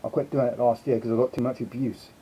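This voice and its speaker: A man's voice: medium pitch, flat delivery, fast talker, warm tone, slight background noise. A man hosting a casual live stream, chatting and greeting his viewers one by one. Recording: slightly dull lo-fi sound.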